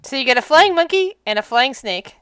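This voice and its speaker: A woman narrating as game master in a casual, halting way. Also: high-pitched, animated, fairly bright tone, clean tone, no echo.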